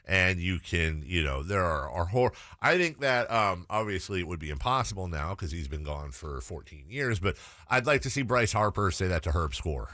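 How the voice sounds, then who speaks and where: An opinionated male sports radio host with a lowish voice that swings widely in pitch. He thinks aloud on a dry, close studio mic. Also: big pitch swings, moderate pace, few pauses, bright, forceful tone, dry recording.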